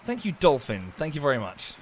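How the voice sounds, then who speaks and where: His voice is a little high with big pitch swings and a brisk pace, with slight background noise in the clip. This southern English game streamer has an Estuary accent and chats casually while playing on a livestream, thanking viewers by name and swearing quietly at the game.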